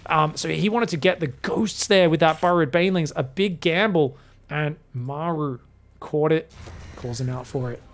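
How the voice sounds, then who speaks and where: A man casting a live strategy game match, analytical and quick to yelp with excitement at big plays. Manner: excitable, breaks into high yelps at big plays. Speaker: esports caster.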